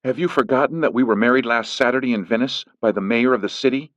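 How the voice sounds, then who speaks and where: A man's voice: mid-range voice, fast, a bit bright, no room sound, voice pushed up, natural voice. A man voicing a menacing possessive Mafia princess. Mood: accusing. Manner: menacing, clingy, accusing. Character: jealous possessive Mafia princess, young woman. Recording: dull lo-fi recording.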